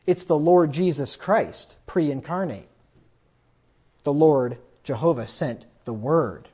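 A man's voice: on the high side, breathy edge. Emphatic preacher man, lo-fi sound. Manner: emphatic, rises loudly when quoting scripture. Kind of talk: sermon. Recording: dull lo-fi recording.

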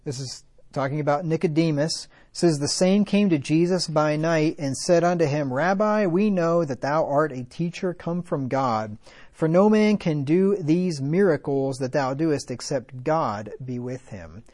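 A man preaches a sermon in a slightly high, slightly mellow voice at a measured pace. He reads scripture aloud, tosses in conversational asides and rhetorical questions, and builds toward fervent emphasis.

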